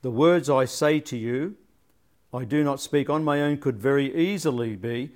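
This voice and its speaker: A man's voice: mid-range voice, normal speed. A man leading a casual Bible study, thinking aloud and often repeating words as he searches for his phrasing.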